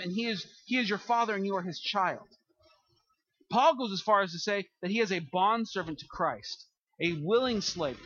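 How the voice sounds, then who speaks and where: A man's voice: high-pitched, bright, forceful tone, no room sound, dull audio. A man preaching a sermon as pastor, earnest, often restarting and repeating words, rising for emphasis.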